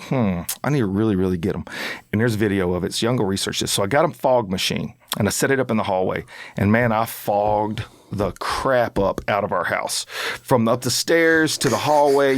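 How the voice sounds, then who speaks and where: A middle-aged man co-hosting a podcast, telling a story in a lively way and acting out the voices in it. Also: lowish voice, no echo, clean studio sound. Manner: animated storyteller, acts out shouts and quotes. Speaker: podcast co-host. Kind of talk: casual chat.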